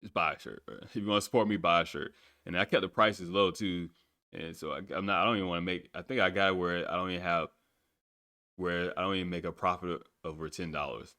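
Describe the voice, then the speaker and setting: A man's voice: deep voice, steady tone, fast, sharp tone. A man hosting his own podcast alone, rambling casually and swearing freely as he plugs his channels. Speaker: podcast host. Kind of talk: casual solo podcast monologue.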